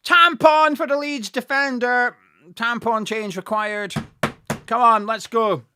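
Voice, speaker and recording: A man doing live fan commentary on a match, sweary and excitable, talking straight to his viewers. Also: very high-pitched, takes it slowly, background noise. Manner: sweary and excitable, shouting at goals.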